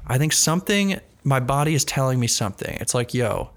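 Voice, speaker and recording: A man co-hosting a podcast in casual chat, with vocal fry and a rambling, self-mocking sarcastic manner. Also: mid-range voice, lively intonation, brisk. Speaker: podcast co-host.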